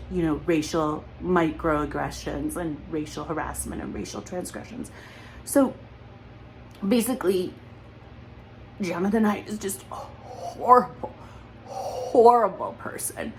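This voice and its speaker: A woman's voice: on the low side, slight background noise, poor audio. A woman speaking in an emotional personal monologue, accusatory and repetitive, holding back tears. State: close to crying.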